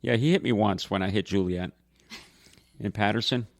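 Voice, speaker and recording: A man's voice: lowish voice, moderate pace, creaky. A man co-hosting a casual podcast, telling family stories with laughter. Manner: animated storyteller, laughing while telling stories. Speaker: podcast co-host.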